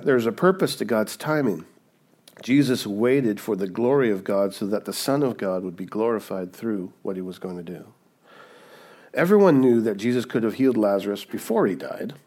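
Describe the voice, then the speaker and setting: A man's voice: mid-range voice, darkish tone. A male pastor preaching a sermon in a conversational way, often checking in with "right?" as he retells Bible stories.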